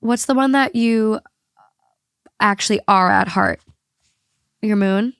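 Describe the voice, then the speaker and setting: A woman's voice: mid-range voice, slow pace, fairly bright tone, smooth, no echo. Stuffy congested woman host chatting on a podcast, gets emotional, swears a lot, dry close sound. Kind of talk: casual chat.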